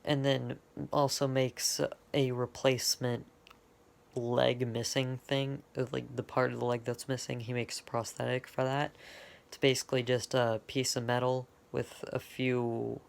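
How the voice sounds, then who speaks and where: A man's voice: mid-range voice, little pitch movement, a little slow, creaky. A man casually retelling his own fan-made story, rambling and stopping often to correct himself. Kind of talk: off-the-cuff fan lore retelling.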